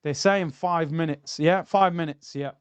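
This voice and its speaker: Young man, casual stream banter, slightly high voice, smooth and clear, dry close mic. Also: a little slow, no echo. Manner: banter, reacting and reading out chat. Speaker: streamer hosting a football watchalong. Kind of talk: casual live-stream chat.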